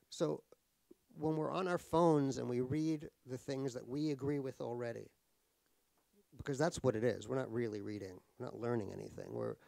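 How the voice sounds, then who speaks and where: Gravelly, wry American man telling stories. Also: medium pitch, darkish tone, no room sound. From United States. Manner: wry, profane, self-mocking humor with quick asides. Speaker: author guest. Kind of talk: anecdotal storytelling on stage. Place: cultural center stage conversation.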